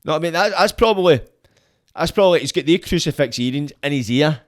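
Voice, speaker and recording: Scottish man, young adult, podcast guest, casual rant, sweary, blunt, animated. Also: fast talker. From Scotland. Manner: sweary, animated, blunt, jumps up in pitch when worked up.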